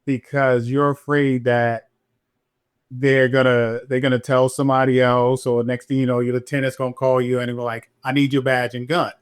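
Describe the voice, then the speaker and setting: A middle-aged man, a police officer and podcast guest, telling his story candidly and animatedly, jumping up in pitch when he acts out what people said. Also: normal speed, smooth. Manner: animated, acts out quotes in a higher voice.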